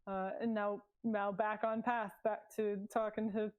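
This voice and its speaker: Female player, mid-pitched, casual. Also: level tone, unhurried, clear, resonant tone, phone-quality sound. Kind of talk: playing a tabletop game.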